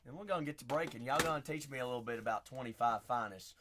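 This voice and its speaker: A man with a raspy, mid-range voice hosts a live card break stream, talking fast. He's chatty, hypes up his viewers, and shouts out their names.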